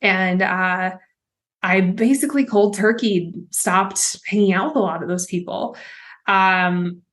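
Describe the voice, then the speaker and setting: A woman's voice: mid-range voice, measured pace, a bit bright. Chatty young woman podcast host. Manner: candid and chatty, with frequent laughs and swearing. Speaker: podcast host and life coach. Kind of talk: casual podcast monologue.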